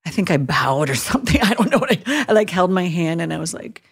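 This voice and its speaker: A woman's voice: lowish voice, big pitch swings, fast talker, breathy edge. A middle-aged woman, a hospital chaplain, telling an emotional story in a casual podcast chat and acting out what she thought and said. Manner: earnest, emotional storytelling with acted-out inner voices.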